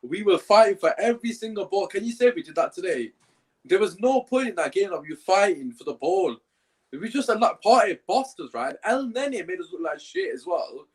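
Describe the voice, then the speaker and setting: A man's voice: high-pitched, lively intonation, fairly quick, breathy edge. A young man co-hosting a football fan reaction chat, speaking in a frustrated, emphatic way. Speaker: fan channel co-host.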